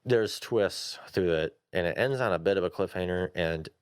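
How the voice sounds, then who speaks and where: A man's voice: low voice, moderate pace, smooth, no echo, clean studio sound. A man co-hosting a casual podcast, swearing freely and rambling with laughs as he talks about games. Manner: profane, rambling, laughs often. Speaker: podcast co-host.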